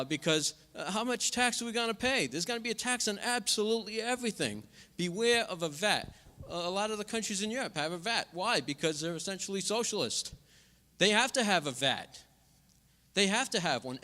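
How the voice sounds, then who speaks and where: Impassioned man in an echoing hall. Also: sharp tone. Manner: impassioned, repetitive, drops pitch on asides. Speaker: congressional candidate. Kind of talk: campaign forum speech. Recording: reverberant hall.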